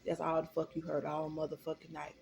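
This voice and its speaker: Animated, swearing woman telling a story. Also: low-pitched, brisk, vocal fry, slight background noise. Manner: animated, profane and emphatic. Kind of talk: storytime vlog.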